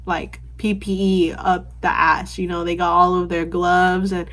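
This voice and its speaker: A woman's voice: on the low side, little pitch movement, measured pace, a bit bright. A young adult woman telling a story to her vlog camera in a casual, rambling way, full of "like" and restarts, swearing offhandedly. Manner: rambling, filler-heavy, lots of "like" and restarts. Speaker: vlogger.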